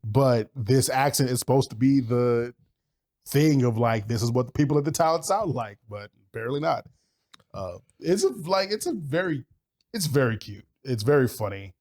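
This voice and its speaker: A man's voice: medium pitch, expressive, moderate pace, a little mellow. Rambling man co-hosting a podcast. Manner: rambling, lots of fillers and swearing. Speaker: podcast co-host. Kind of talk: casual chat.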